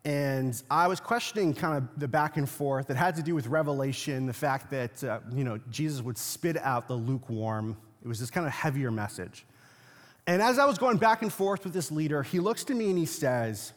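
A pastor delivers a sermon in a fairly high voice, dropping low to tell a story and then rising to a forceful, insistent pitch. The long reverb of a large hall trails after each phrase. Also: male voice. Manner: swings from quiet storytelling to loud, insistent preaching.

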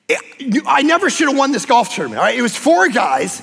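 A man preaching a sermon as a pastor, impassioned and emphatic, sometimes breaking into shouts. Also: high-pitched, huge pitch swings, fairly quick, gravelly, slightly rough, big-room sound. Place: church sanctuary.

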